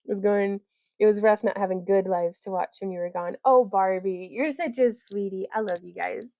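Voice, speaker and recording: A woman's voice: mid-range voice, normal speed, dark tone, no echo, studio quality. A woman hosting a casual crafting livestream, rambling, giggling often and reading viewer comments aloud.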